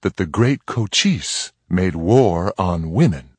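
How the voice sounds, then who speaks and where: A man's voice: deep voice, big pitch swings, slow, no echo, heavily acted. A man voicing a proud, steadfast frontier mother in a read-aloud western, speaking firmly and with dignity. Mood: firm, dignified. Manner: firm, dignified, plainly spoken.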